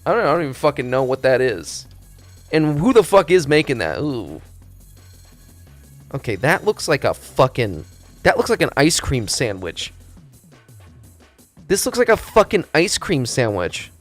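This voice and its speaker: A man streaming, chatting casually in a rambling, profane, animated storytelling way. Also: medium pitch, moderate pace, long pauses, soft background music.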